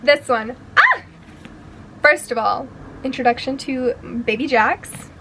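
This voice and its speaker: A young woman with a fairly high voice reviews books in a casual, gushing way. Her talk is full of slang and swearing, and she sounds fully caught up in the story. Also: measured pace, fairly bright tone, slight background noise, rough recording. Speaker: book vlogger.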